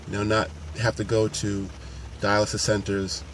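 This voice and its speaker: A man's voice: lowish voice, little pitch movement, moderate pace, a little hiss or hum. A man, a paramedic and fitness coach, talking earnestly and unscripted to camera with frequent restarts. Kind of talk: casual talk to camera.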